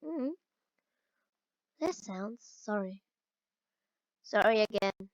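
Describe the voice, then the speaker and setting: A woman playing a game and reading its dialogue aloud, mixing in quick exclamations of her own. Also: mid-range voice, expressive, no echo. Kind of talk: let's-play commentary. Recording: dull lo-fi recording.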